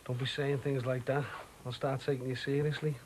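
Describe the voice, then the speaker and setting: An actor playing a kindly teasing dad. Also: male voice, medium pitch, level tone, brisk, background noise, natural voice. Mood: reassuring. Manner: gently teasing, reassuring. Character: young father, kind and teasing. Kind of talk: soap opera acting.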